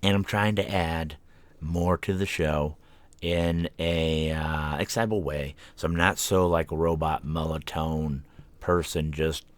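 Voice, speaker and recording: A man with a very deep voice talks through his thoughts as host of his own podcast. His delivery is casual and self-reflective, and he now and then turns to speak to his cat. The sound is dry and close to the mic. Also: steady tone, unhurried, no echo. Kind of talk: casual solo podcast talk. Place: home room. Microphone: desk microphone.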